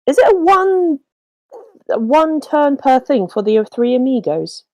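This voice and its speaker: A woman's voice: high-pitched, sing-song, a little slow, warm tone, dry recording. A woman playing a tabletop game, chatty and musing as she thinks aloud. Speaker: player. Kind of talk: casual tabletop play.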